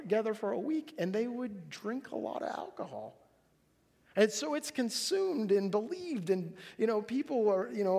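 A male pastor tells the story with animated, joking energy and slips into voices for each character. His voice sits high. It carries a long echo through a large hall. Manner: animated storytelling, acts out characters, jokey asides. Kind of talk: sermon.

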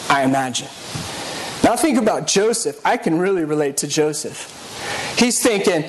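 A young adult man preaching a conversational sermon to his church, acting out the thoughts of biblical figures in a casual, animated way. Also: fairly high pitch, normal speed, long pauses, noisy background. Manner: lively, conversational preaching with acted-out inner monologues.

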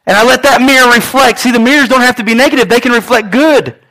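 A man's voice: extremely high pitch, quick pace, bright, forceful tone. A male pastor preaching a sermon in an earnest way, repeating his phrases and voicing prayers aloud.

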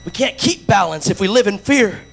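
A man from Latin America preaching a sermon with passion, rising to shouts and acting out the voices of others. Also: high-pitched, lively intonation, a little fast, gravelly, poor audio.

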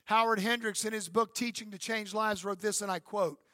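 A man's voice: sits high, steady tone, normal speed, sharp tone, no echo, clean studio sound. A man in his fifties, a pastor preaching an emphatic sermon and calling out for amens. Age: 50s. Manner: emphatic preaching with calls for amen.

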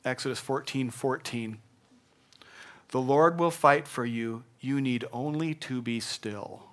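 An older man preaching a sermon in an earnest, conversational way, moving between hushed and emphatic delivery. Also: mid-range voice, slow pace. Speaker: pastor.

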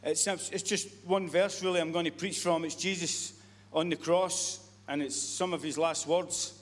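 A man with a high voice preaches a sermon, earnest and repetitive, often stumbling and restarting mid-sentence. His voice rings with the long reverb of a church hall. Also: fairly even intonation, unhurried.

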